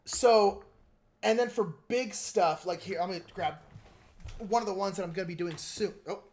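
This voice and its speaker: A man's voice: high-pitched, moderate pace, darkish tone, slight background noise. A man hosting a live stream, chatting casually and meandering while he explains his painting technique and answers viewers.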